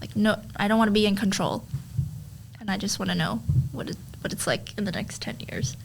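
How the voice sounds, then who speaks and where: A woman's voice: mid-range voice, lively intonation, brisk, gravelly, slight background noise. Giggly young woman podcast guest. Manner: hesitant, giggly, soft-spoken. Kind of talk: casual interview chat.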